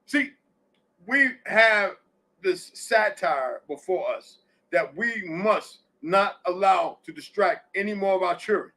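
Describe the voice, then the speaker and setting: A man's voice: sits high, lively intonation, takes it slowly, sharp tone. A middle-aged man hosting a casual live audio chat, blunt and profane as he tells stories. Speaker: host.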